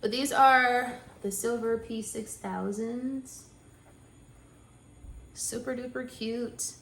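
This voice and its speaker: A young woman chatting casually in her vlog, excitable and quick to squeal and gasp. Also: fairly high pitch. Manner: chatty and excitable, squeals and gasps when thrilled. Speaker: vlogger.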